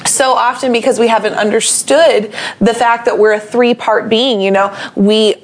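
Earnest woman co-host with a slightly high voice, teaching in a faith chat. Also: steady tone, moderate pace, slight background noise. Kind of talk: casual faith discussion.

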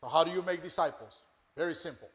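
A man's voice: on the high side, quick pace, a bit bright. A man, a pastor, explaining scripture emphatically and repeating his key point. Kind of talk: sermon-like discussion.

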